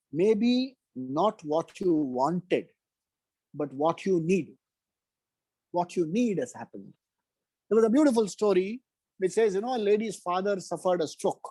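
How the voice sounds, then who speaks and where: A man, giving a spiritual discourse full of stories, often slowing to stress his lessons. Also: high voice, lively intonation, a little mellow, no echo, poor audio. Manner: slow emphatic storytelling with quoted dialogue. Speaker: spiritual teacher. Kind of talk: storytelling discourse.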